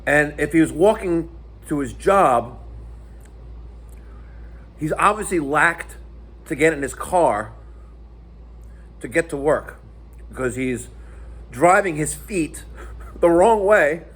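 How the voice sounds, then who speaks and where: A man telling a profane, animated story in a casual vlog rant. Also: fairly high pitch, takes it slowly, pauses often, slightly rough. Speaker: internet personality.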